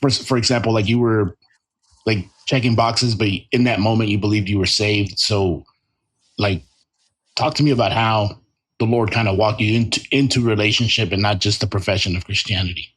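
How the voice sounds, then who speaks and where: Host: low, husky-voiced man, easygoing interviewer. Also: steady tone, normal speed, a bit bright. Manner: laid-back, many fillers and restarts. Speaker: podcast host. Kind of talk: casual interview.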